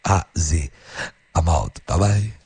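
A male radio host telling a story on air in an animated, earnest way and giving heartfelt, preacher-like advice to his listeners. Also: low-pitched, slow pace, breathy edge.

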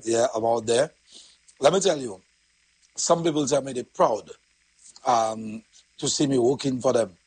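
A man's voice: mid-range voice, a little mellow, husky, no echo, rough recording. A man hosting a casual morning show, chatty and laughing often as he greets listeners by name. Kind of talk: casual live morning chat with sponsor shout-outs.

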